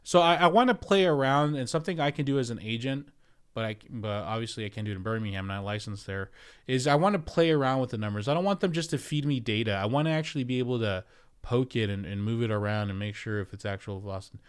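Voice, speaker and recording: A man's voice: medium pitch, fast talker, clear, resonant tone. Chatty man hosting a livestream. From United States. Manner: chatty, rambling, reads out viewer comments. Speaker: real estate agent and livestream host. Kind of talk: casual livestream chat. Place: home, streaming.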